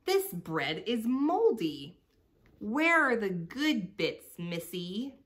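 A woman voicing a greedy, bullying female rat with a raspy, wheezing, screeching voice. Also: mid-range voice, very animated, very slow, a bit bright, full character voice. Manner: screeching, snapping.

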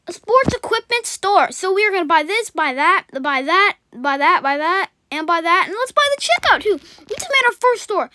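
Woman, gameplay host; fast, rambling, excitable, dry close sound. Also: extremely high pitch, no room sound. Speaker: gaming channel host. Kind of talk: gameplay commentary.

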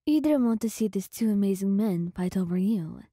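A young woman narrating a romantic listener story in a slow, hushed, intimate ASMR style. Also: mid-range voice, lively intonation, no echo, studio quality.

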